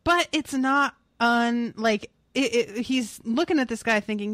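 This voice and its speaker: Animated, jokey podcast co-host, dry sound. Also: mid-range voice, a little slow, hardly any pauses, dry recording. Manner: animated, jokey, playful asides. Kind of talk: casual book discussion chat.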